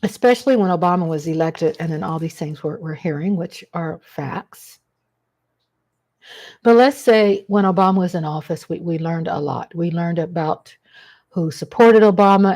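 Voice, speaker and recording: A woman with a lowish, slightly mellow voice hosts a laid-back livestream, delivering a rambling monologue and greeting people in chat by name.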